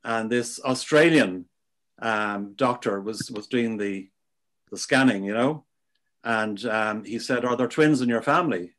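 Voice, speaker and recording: A man hosts an interview with easy affability, chatting and telling stories. His voice is mid-pitched and relaxed. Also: measured pace. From Ireland. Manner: affable, anecdotal. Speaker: podcast host. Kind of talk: casual interview chat.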